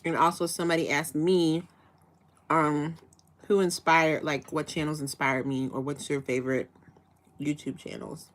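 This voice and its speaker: A woman from Chicago hosts a relaxed live chat with her viewers, her voice sitting a little low for a woman. She talks in a loose, chatty way and asks winding questions full of restarts and fillers. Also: moderate pace. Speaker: livestream host.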